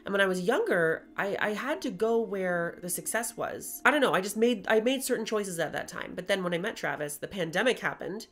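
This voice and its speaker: A woman's voice: medium pitch, expressive, brisk, hardly any pauses, a bit bright, soft background music. A woman in her twenties chatting candidly to camera while doing her makeup, with playful asides. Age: 20s. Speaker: YouTuber and streamer. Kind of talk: casual vlog chat while doing makeup.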